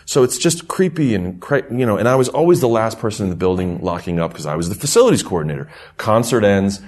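A middle-aged man with a very deep voice tells a long story in casual chat. His pitch ranges widely as he goes, and he rambles and chuckles through the telling. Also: very animated, quick pace, darkish tone.

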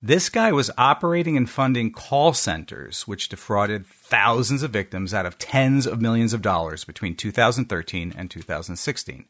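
A man's voice: fairly low pitch, lively intonation, moderate pace, hardly any pauses, a bit bright. A man from the United States, a podcast co-host, presenting a segment in a wry, joking way during a casual panel chat. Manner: wry, jokey delivery of a prepared segment.

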